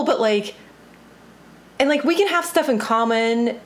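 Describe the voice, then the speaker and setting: A woman's voice: fairly high pitch, expressive, a little slow. A young woman chatting casually about dating, musing aloud with many fillers and restarts. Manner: hesitant, filler-laden musing. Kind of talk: casual chat.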